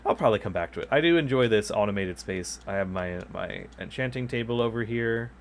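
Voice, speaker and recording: A man with a slightly low voice chats casually while he streams a game. He rambles and often stops to correct himself, joking as he goes. His microphone sits a little way from his mouth. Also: animated, fairly quick, a little hiss or hum. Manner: rambling, self-correcting, playful. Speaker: gaming channel host. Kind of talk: casual chat while live streaming gameplay. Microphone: microphone kept far from the mouth.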